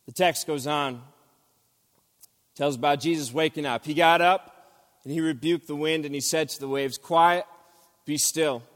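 A man's voice: on the high side, fairly bright tone, long reverb tail. Earnest male pastor preaching in a church. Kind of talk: sermon. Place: church sanctuary.

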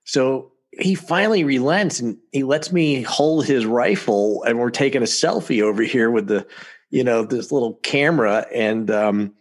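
At a moderate pace and medium pitch, an American podcast guest trades casual stories on a talk show. He stays animated throughout, laughing frequently between anecdotes.

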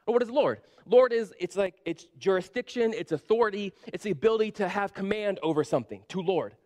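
A man preaching a sermon in a casual, animated storytelling way, often saying "like". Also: sits high, fairly quick. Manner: conversational, animated retelling with frequent "like". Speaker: pastor.

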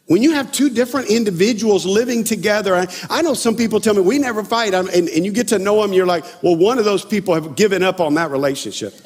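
Husky high-voiced preacher, long hall reverb. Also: male voice, quick pace, hardly any pauses, darkish tone. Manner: storytelling, self-deprecating, conversational. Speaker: pastor. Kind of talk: sermon.

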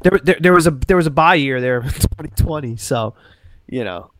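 A man's voice: on the high side, animated, moderate pace, slight background noise. A man talking as a guest on a podcast, rambling casually with many restarts and self-corrections. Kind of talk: casual chat.

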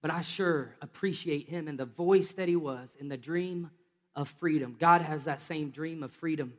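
A man preaching a lively sermon from a church stage, joking with volunteers between points. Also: on the high side, normal speed, long reverb tail. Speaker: pastor.

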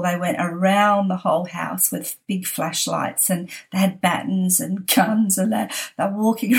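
A middle-aged woman with an Australian accent tells a story in a relaxed, chatty way. She laughs easily as she talks, in a voice of ordinary pitch. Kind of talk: casual spoken anecdote.

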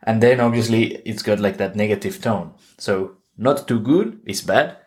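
A man with a somewhat low voice, speaking English as a second language. He hosts a podcast lesson and talks through vocabulary patiently, circling back and correcting himself as he goes. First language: not English. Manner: explains slowly and patiently, with frequent restarts and self-corrections. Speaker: English teacher and podcast host.

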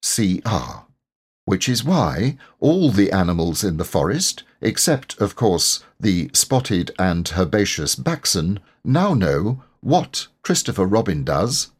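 A man narrating a children's storybook with gentle, expressive delivery. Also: low-pitched, slow pace, few pauses, husky. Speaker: audiobook narrator.

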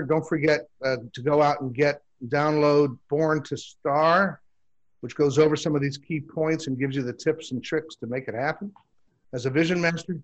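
A man hosting a podcast interview, needling his guest with teasing questions. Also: a little high. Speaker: podcast host. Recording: muffled lo-fi audio.

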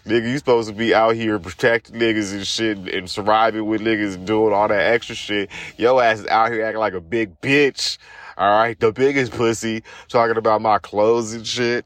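A man's voice: steady tone, normal speed, no echo. Profane young man ranting through a recap. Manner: rambling, profane, swings into high-pitched squeals and shouts while retelling scenes; laughs often mid-sentence. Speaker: podcast host. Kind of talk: solo comedic recap monologue.

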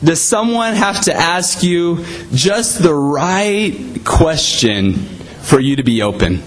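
A man's voice: on the high side, animated, slow pace, a little hiss or hum, poor audio. A man preaching a sermon in a conversational way, often saying "you know".

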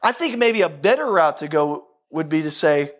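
A man preaching a casual, conversational sermon, tossing in "right?" asides, restarting phrases and swinging between quick bursts and slow emphasis. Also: fairly high pitch. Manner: animated, talks to the crowd with frequent "right?" asides; self-deprecating, repeats and restarts phrases. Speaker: pastor.

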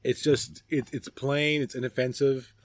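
This middle-aged podcast co-host speaks with a flat delivery at medium pitch, a little slowly. The sound is clean and studio-like with no echo, though he's chatting casually and jokingly outdoors at a backyard gathering, often rambling and trailing off.

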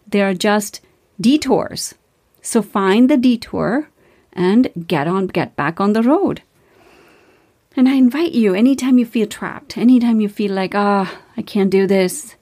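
A woman's voice: medium pitch, darkish tone. A woman hosting a motivational podcast, reading numbered verses and talking them through in an earnest, encouraging way with some fillers and self-corrections. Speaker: podcast host.

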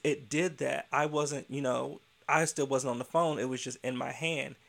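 A man putting on a cagey woman teacher who keeps denying what she plainly did, answering in flat, stubborn lines. The voice sits a little above his own and carries a light gravelly fry. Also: mid-range voice, normal speed. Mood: evasive. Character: evasive young woman teacher caught lying.

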